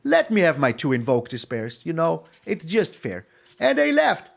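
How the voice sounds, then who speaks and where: Animated man taunting through gameplay commentary. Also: moderate pace, creaky. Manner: playful, taunting, sing-song, swings between excited highs and low mutters. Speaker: game streamer.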